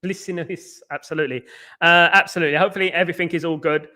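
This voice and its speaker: Man, fairly high voice, bright tense tone, rambling chatty live-stream host, lots of fillers. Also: fairly even intonation, rapid-fire. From England. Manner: chatty and rambling, many restarts and fillers, talks straight to viewers. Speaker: host of a live football watchalong. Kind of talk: casual live-stream chat, reading viewer comments.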